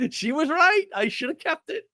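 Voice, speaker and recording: A man, telling a story on a live stream in an animated, indignant way. He laughs often and repeats words. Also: very high-pitched, dry recording. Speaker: podcast host.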